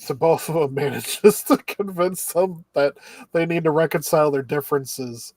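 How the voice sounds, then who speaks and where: A man with a somewhat high voice talks through the plot in a relaxed, rambling way, slipping into the characters' lines as he goes. The sound is dry and close, with no room echo. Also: moderate pace. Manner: rambling recap with acted-out quotes. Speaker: podcast co-host. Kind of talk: casual chat recapping an anime.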